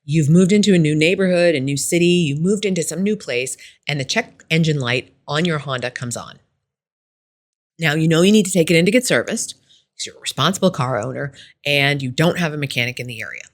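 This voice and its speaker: A woman's voice: low-pitched, expressive, brisk. A middle-aged woman hosting a workplace advice podcast, telling a story in a conversational coaching tone. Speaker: podcast host.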